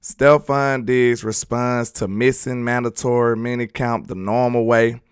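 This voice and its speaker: Smooth-voiced Southern man talking sports. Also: medium pitch, steady tone, measured pace, dry recording, studio quality. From Alabama. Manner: loose, joking, chats with viewers. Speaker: sports talk host. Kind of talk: casual live sports commentary.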